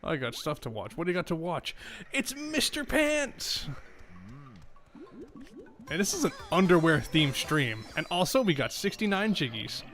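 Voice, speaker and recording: A young male streamer chatting over his gameplay with a swinging, animated voice that sits a little high. He jokes and swears freely, and he slips into silly voices for the game's characters. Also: fairly quick, hardly any pauses, faint music behind. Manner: joking, swears freely, reads game dialogue in silly voices. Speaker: game streamer. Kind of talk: casual gameplay commentary.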